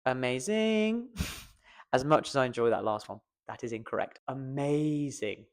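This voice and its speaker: A man's voice: mid-range voice, fairly even intonation, brisk. A man, a voice coach giving a playful, self-mocking pronunciation lesson to camera and stretching out the stressed syllables.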